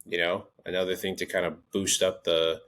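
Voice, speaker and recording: A man with a notably deep, low voice co-hosting a golf podcast. He chats loosely and tells a long story, often restarting his sentences. His tone is easygoing and relaxed. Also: moderate pace. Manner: rambling, lots of restarts and fillers, storytelling. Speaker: podcast co-host. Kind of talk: casual chat.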